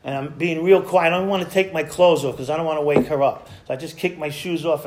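A man with a notably high voice gives a personal recovery testimony, speaking in a loose conversational way. He slips into acting out past exchanges and laughs at himself now and then. The sound carries a clear room echo. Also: steady tone, quick pace, a little mellow, slight background noise. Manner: conversational storytelling, acts out past dialogue, chuckles at himself. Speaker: speaker sharing a recovery story. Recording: echoey room.

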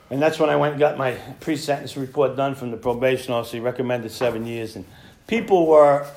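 A man's voice: medium pitch, darkish tone. Middle-aged man telling his story, echoey room. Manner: storytelling, acting out the other people in his story. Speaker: speaker sharing his recovery story. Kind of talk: recovery meeting testimony. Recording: echoey room with faint noise.

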